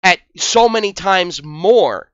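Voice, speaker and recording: Man, high bright voice, crude and scornful, dry muffled recording. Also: lively intonation, slow pace, smooth, dry recording. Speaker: commentary video host. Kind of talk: profane reaction commentary.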